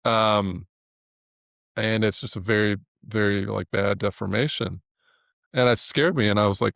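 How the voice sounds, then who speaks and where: Male interview guest, gravelly low voice, sincere and halting delivery. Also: level tone, fairly bright tone, no echo, clean studio sound. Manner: earnest, halting with many restarts. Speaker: guest, animator. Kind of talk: reflective interview talk.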